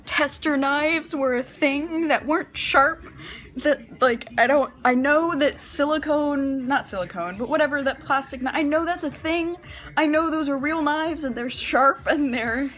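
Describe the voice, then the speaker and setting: A woman's voice: high-pitched, fairly bright tone. A young woman casually telling a personal story about herself, self-mocking and rambling, laughing often. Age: young adult.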